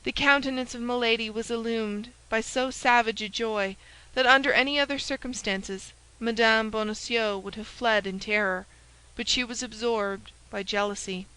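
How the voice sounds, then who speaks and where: Woman reading an audiobook, bright clear voice, measured. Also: fairly high pitch, steady tone, poor audio. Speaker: audiobook reader. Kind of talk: scripted narration.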